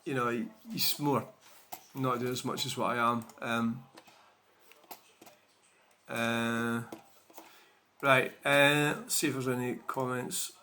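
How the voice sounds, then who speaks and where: A man's voice: mid-range voice, level tone, slow pace, long pauses, sharp tone. A man chatting casually to his viewers, rambling with many fillers and restarts. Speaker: channel host. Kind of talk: casual chat to camera.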